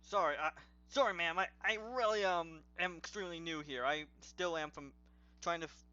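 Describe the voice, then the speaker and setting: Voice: mid-range voice, normal speed, pushed and bright, faint music behind. A player in a tabletop game who speaks in a hesitant, rambling way. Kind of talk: casual role-play. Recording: dull lo-fi mic with faint hum.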